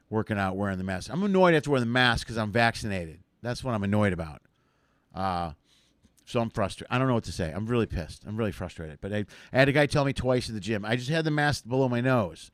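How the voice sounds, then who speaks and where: A man's voice: medium pitch, no echo. Chatty male host for a solo livestream, loose and rambling, dry mic. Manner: rambling, chatty, frequent fillers and restarts. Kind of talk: casual solo livestream chat.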